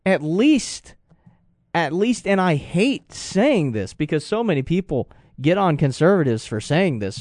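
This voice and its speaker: Impassioned, lively talk radio host, a man. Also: fairly high pitch, measured pace, no room sound, studio quality. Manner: impassioned, rising to indignant outbursts. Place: radio studio.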